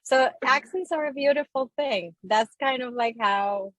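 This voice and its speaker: A woman's voice: high-pitched, measured pace, a bit bright, no room sound, rough recording. A woman whose first language is not English, speaking as a guest on a webinar panel in a friendly way, with many fillers and restarts. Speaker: guest speaker from a virtual assistant company.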